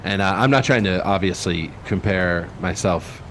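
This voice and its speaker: A man's voice: low-pitched, normal speed, a bit bright, a little hiss or hum. A man hosting a casual podcast chat, playful and jokey, laughing often. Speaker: podcast host.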